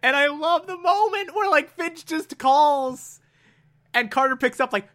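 Excitable male reviewer, high and bright, gushes through a recap. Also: moderate pace. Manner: excitable, gushing, repeats words for emphasis, acts out quotes. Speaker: TV episode reviewer. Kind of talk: enthusiastic episode recap.

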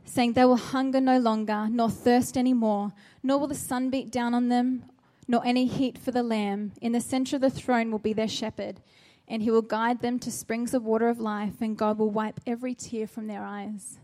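A woman's voice: fairly high pitch, steady tone, moderate pace, few pauses, warm tone. A woman preaching a sermon, earnest and exhorting, with a run of searching rhetorical questions.

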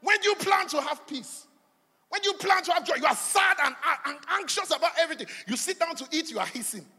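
A man preaching a sermon, swinging between loud declarations and quiet asides. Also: fairly quick. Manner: animated preaching, swinging from shouts to low asides. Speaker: pastor. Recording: long hall reverb.

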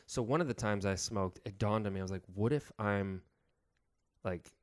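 A young man as a podcast guest, telling stories in a laid-back way with many halting restarts. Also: on the low side, dry recording, studio quality. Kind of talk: casual podcast chat.

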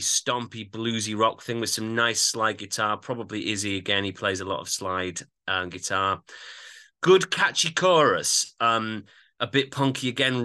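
A man co-hosting a podcast, chatting casually about an album with animated, musing asides. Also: mid-range voice. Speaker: podcast co-host. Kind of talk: casual album review chat.

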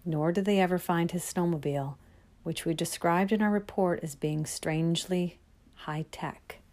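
A woman, the show's writer, reading her own suspense story aloud in a calm, measured first-person narration. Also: fairly low pitch.

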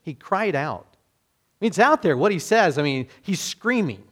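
A man preaching a sermon in a relaxed, conversational way, with frequent fillers and restarts. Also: on the high side, a little slow, breathy edge. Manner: conversational, self-deprecating, many fillers and restarts. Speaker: pastor.

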